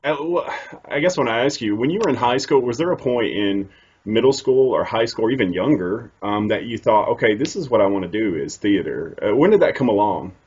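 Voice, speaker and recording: Man, Southern accent, interview host, rambling and chatty, very low husky voice. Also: expressive, a little fast, a little mellow. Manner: rambling, filler-heavy. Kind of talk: casual interview chat. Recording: dull lo-fi audio.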